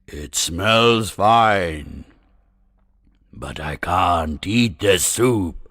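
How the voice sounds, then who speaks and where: A man voicing a pompous male lion customer in a storybook, speaking in a slow and grand manner with deep, lowered tones and lingering pauses. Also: lively intonation, a bit bright, no room sound, studio quality, heavily acted. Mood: grand, lordly. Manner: slow, grand, drawn-out speech.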